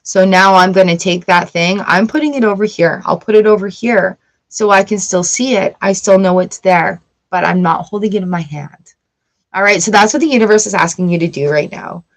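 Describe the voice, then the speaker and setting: A woman's voice: medium pitch, fairly quick. A woman from Canada giving a live-streamed tarot reading, chatty and affirming, greeting viewers by name as she talks. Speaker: tarot reader.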